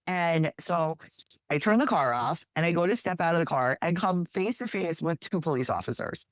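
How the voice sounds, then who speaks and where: An animal rescue worker from New Jersey tells a lively story as an interview guest, acting out the quotes with big leaps in her voice. She has a lowish voice, recorded with studio quality and no room sound.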